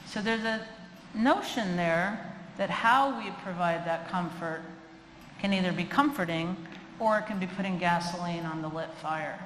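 Woman, animal behavior lecturer, lively and humorous, acts out quoted voices, echoey hall, long reverb. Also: lowish voice, moderate pace. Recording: echoey hall, faint room noise.

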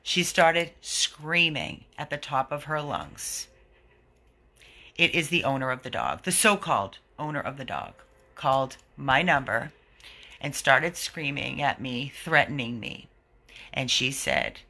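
A man's voice: mid-range voice, lively intonation, measured pace, gravelly, pushed and bright. A man who runs an animal rescue, giving an indignant, earnest video update to his followers.

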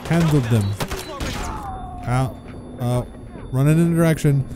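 A man's voice: medium pitch, measured pace, long pauses, background noise. A man giving casual, jokey commentary over his gameplay, laughing at his own quips. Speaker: gamer.

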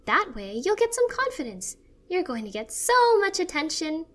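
A woman's voice: very high voice, big pitch swings, normal speed, voice pushed up. A woman voicing a cheerful, caring teenage girl who fusses over her sibling in a read-aloud story. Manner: bright, eager, fussing. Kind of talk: storybook reading.

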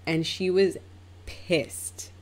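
A young adult woman, a hairstylist, telling a story in a casual, chatty way, acting out both sides with big jumps in pitch. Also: fairly even intonation, very slow, a little mellow. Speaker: hairstylist and vlogger.

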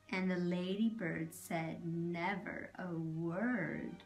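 A woman reading a picture book aloud to children, animated, doing animal noises and pointing out the pictures. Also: medium pitch, takes it slowly, few pauses, soft background music. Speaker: storyteller.

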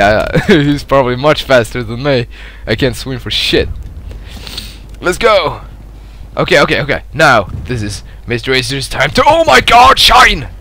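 A young man giving live commentary over a shooter game, excitable and foul-mouthed, laughing at his own blunders. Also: a little hiss or hum. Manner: excitable, swears a lot, laughs at himself, swings from loud yelps to low mutters. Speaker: gameplay commentator.

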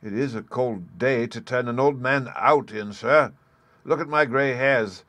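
A man's voice: medium pitch, measured pace, fairly bright tone, no echo, pitched above the performer's own voice, lightly acted. A man voicing a tiny, magical old man with long grey hair, who begs humbly and then turns coolly ironic. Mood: pleading.

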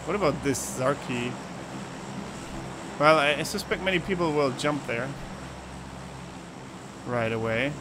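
A man's voice: mid-range voice, measured pace, pauses often, background noise. A man giving casual gameplay commentary, swearing and muttering to himself as he plays. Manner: casual, swearing, laughing outbursts. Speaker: gamer.

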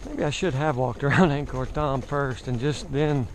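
With a mild Southern accent, a male travel vlogger rides his bike outside and rambles casually to the camera, teasing himself along the way. His voice is mid-range at a moderate pace, with slight noise behind it.

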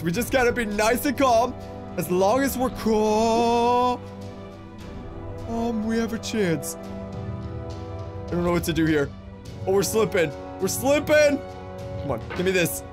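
Young male gaming YouTuber, high pitch, exasperated running commentary. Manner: frustrated, exclaiming, rambling self-talk. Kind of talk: let's play commentary.

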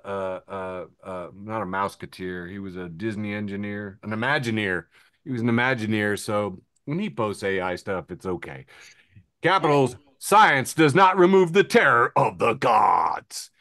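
A man's voice: mid-range voice, a bit bright, clear, resonant tone, no echo, studio quality. A man hosting a podcast, casually reading social media posts and memes aloud and chuckling between them. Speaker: podcast host.

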